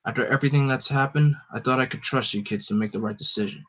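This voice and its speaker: A man's voice: mid-range voice, fast, fairly bright tone, close to an everyday voice. A man voicing a stern, disappointed adult male superhero who lectures solemnly. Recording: dull lo-fi recording.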